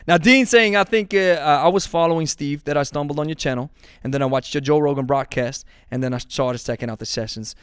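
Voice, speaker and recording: A man's voice: fairly high pitch, fairly quick, smooth, no room sound, studio quality. Joking man reading a live chat aloud. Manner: joking, laughs often, repeats himself. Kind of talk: casual live-stream chat.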